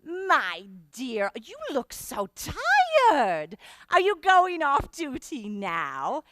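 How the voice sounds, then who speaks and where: A woman voicing a fussy, demanding woman passenger who coos her orders in slow, drawn-out requests. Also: high-pitched, huge pitch swings, pushed and bright, dry recording, pitched above the performer's own voice, exaggerated voice. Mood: coaxing. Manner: bossy, cooing, drawn-out requests.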